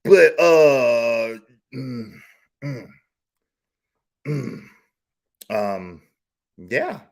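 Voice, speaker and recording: A male stream host giving fast-swinging, theatrical commentary, mocking and exclaiming, then dropping to a mutter. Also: mid-range voice, animated, gravelly.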